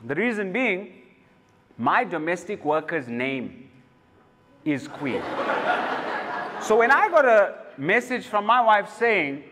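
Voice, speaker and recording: A South African man doing stand-up comedy, telling stories with animated mock outrage. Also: sits high, takes it slowly, long pauses, in a large hall, noisy background. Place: comedy venue, indoors.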